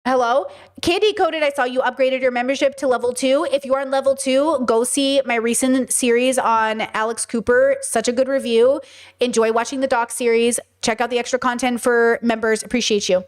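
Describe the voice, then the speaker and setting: A woman in her thirties hosting a live stream, chatting with viewers in an animated way full of rhetorical questions. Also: on the high side, moderate pace. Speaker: streamer and podcast host. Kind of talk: casual live-stream commentary.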